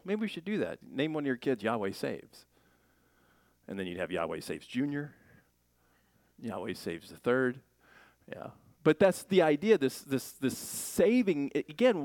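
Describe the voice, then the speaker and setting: Animated, joking male preacher. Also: medium pitch, dry recording. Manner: animated, jokey preaching with playful voices and laughs. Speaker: pastor. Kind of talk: sermon.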